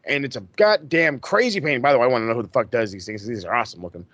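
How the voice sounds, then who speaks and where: A man hosting a podcast, recapping in a casual, excitable, profane way that rambles. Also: mid-range voice, rapid-fire, dry recording, highs cut off. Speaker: podcast host.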